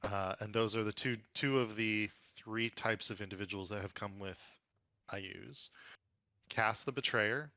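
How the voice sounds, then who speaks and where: Bright-voiced man running a tabletop game. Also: fairly low pitch, measured pace, no echo. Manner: matter-of-fact, reads out lists. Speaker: dungeon master.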